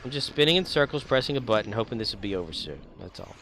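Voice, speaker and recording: A man's voice: on the low side, expressive, fast talker, vocal fry, fairly bright tone, a little hiss or hum. A man streaming a video game, rambling and joking with profane asides in casual gaming commentary.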